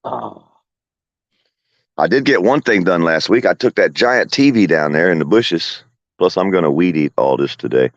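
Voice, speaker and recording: Sitting on his porch, a man tells profane, folksy stories full of laughter in a rambling, casual chat aimed at his viewers and pets. His low voice is animated at a moderate pace, and the recording is dry and lo-fi.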